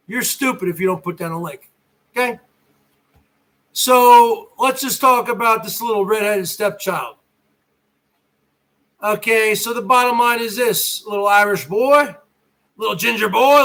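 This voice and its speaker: Vlogger, middle-aged man from northern New Jersey, profane mocking rant, slow drawling delivery. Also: very high-pitched, pushed and bright. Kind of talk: ranting monologue.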